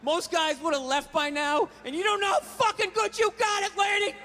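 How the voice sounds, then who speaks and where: A man's voice: very high-pitched, level tone, normal speed, long reverb tail, noisy background, pitched above the performer's own voice. A man imitating a furious, cursing middle-aged dad who is always snapping at his wife. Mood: yelling. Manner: shouting, cursing rant.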